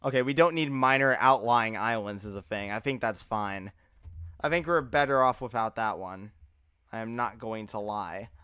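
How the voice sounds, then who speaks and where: A young man streaming live, chatting casually and excitably, laughing often and sounding tired. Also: lowish voice, moderate pace, smooth, no room sound, clean studio sound. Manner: excitable, laughs often, uses fillers like bro. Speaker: livestreamer. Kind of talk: casual live reaction chat.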